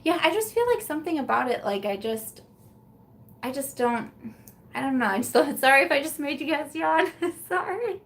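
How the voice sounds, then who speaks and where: A young woman hosts a casual live chat from home, sounding tired as the evening wears on. She rambles through fillers, restarts and asides in a relaxed, conversational way, recorded on a simple camera mic. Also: sits high, fairly quick, creaky, few pauses. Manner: chatty and rambling, with frequent fillers, restarts and laughs. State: tired, yawning. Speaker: beauty vlogger hosting a live chat.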